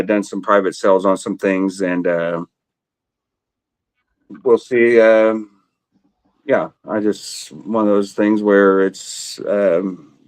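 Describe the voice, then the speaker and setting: Low-voiced man hosting a relaxed stream. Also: no echo. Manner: rambling, with frequent fillers and restarts. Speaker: live stream host. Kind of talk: casual chat.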